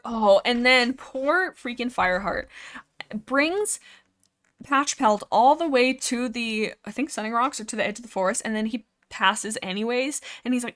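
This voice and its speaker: A woman's voice: mid-range voice, moderate pace, a bit bright. A woman hosting a casual livestream about a book series. She rambles with many fillers and restarts and reads passages aloud between her comments.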